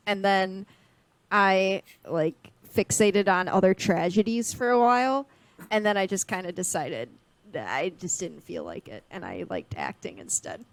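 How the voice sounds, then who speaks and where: A young woman co-hosting a podcast, chatting casually with animated, self-mocking quips. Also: mid-range voice, a little slow, vocal fry, dry recording. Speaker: podcast co-host. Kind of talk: casual chat.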